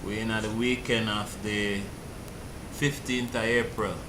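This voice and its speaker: A man's voice: lowish voice, level tone, slow pace, background noise. A man, chatting casually as a vlog host reacting to a clip, laid-back and amused.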